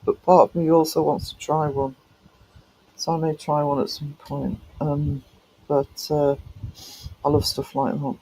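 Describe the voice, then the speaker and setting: A man's voice: on the high side, level tone, measured pace, mellow, breathy edge, rough recording. A man live-streaming and chatting casually with viewers, greeting them by name with affectionate pet names, his voice cracking a little.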